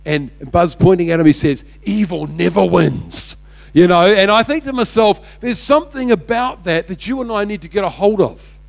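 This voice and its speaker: Male pastor, high voice, emphatic sermon delivery to a congregation, repeats key lines. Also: lively intonation, fairly quick. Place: church service before a congregation.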